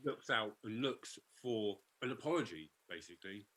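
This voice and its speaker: A man with a lowish voice talks through a film in a casual podcast chat. He speaks haltingly, circling back to find the right words. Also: lively intonation, fairly bright tone. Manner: halting, searching for words when he explains. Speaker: podcast co-host.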